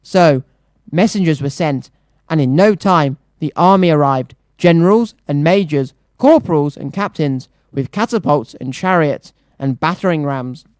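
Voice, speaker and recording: A children's radio presenter reading a storybook aloud with a lively, rhythmic swing. The voice sits in a middle pitch. The sound is close and dry, with no room echo. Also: a little slow. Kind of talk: reading a picture book aloud.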